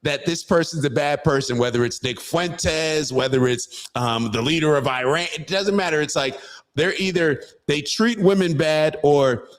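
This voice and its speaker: A man's voice: fairly high pitch, normal speed. Male podcast host, casual talker, meanders through his points with ums and restarts. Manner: rambling, thinking aloud with many fillers. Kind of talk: casual political chat.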